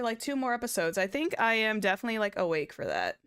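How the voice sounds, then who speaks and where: A woman's voice: medium pitch, sing-song, fast talker, fairly bright tone, smooth. A woman hosting a casual anime watchalong stream, chatting to her viewers and breaking into giggly, squealing reactions. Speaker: VTuber host of an anime watchalong.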